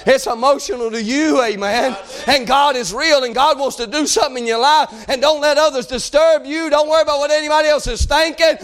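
A man preaching a sermon, swinging between shouted appeals and hushed passages. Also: very high-pitched, steady tone, fairly quick, hardly any pauses.

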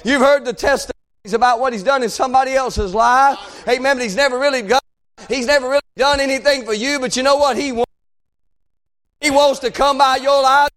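A high-voiced, fervent shouting preacher. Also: male voice, fast talker. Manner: calls out "amen" and "hey" between phrases. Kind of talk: sermon.

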